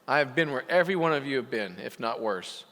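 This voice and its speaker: A man's voice: mid-range voice, lively intonation, a little fast, sharp tone. A man coaching repair shop owners in a motivational speech to a live audience, impassioned, pushing into emphatic peaks. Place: conference hall. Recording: hall reverb from a live venue.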